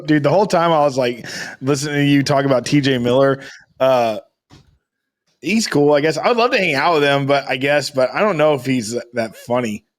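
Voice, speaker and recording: A man's voice: medium pitch, a little fast. A young man co-hosting a casual podcast in a loose, teasing way, throwing in "dude" and "y'all". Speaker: podcast co-host. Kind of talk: casual chat.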